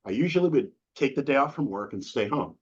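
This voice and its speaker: A middle-aged man chats as an interview guest, acting out quotes as he tells animated stories. His voice is husky and slightly breathy. The recording sounds dull and lo-fi. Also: mid-range voice, fairly quick. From New England. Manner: animated storytelling with acted-out quotes, casual slang. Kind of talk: casual interview conversation.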